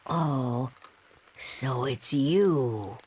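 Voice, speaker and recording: A woman voicing a weary older female barkeeper who talks in a slow, doting, cooing drawl. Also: very deep voice, darkish tone, a little hiss or hum, full character voice.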